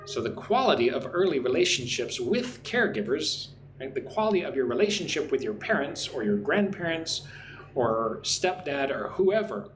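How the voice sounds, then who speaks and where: A man's voice: mid-range voice, sing-song. Guy from texas teaching english on a livestream, chatty, says "right?" a lot, roomy echoey sound with a bit of faint noise. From Texas, United States. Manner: chatty, explains words slowly and repeats them, says "right?" often. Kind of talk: live online English lesson, reading chat comments.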